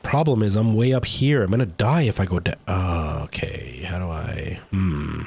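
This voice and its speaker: A man with a fairly low voice gives live commentary while he plays. He rambles and thinks out loud between moves, often making fun of himself as he goes. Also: moderate pace, husky. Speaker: streamer.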